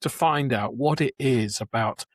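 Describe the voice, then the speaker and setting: A man's voice: medium pitch, unhurried, breathy edge, no echo. A man in his seventies, a Jewish educator, chatting as a guest and telling stories with restarts and chuckles. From England. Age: 70s. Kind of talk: conversational interview.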